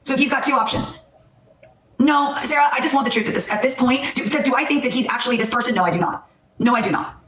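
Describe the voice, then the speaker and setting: A fast-talking woman vents on a livestream, shaken and furious, hammering her points home again and again. Her voice sits a little high and sounds roomy and echoey. It is picked up by a phone set some distance away. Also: a bit bright. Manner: angry, blunt, repeats herself for emphasis. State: upset and shaking. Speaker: livestream host. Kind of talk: heated livestream talk.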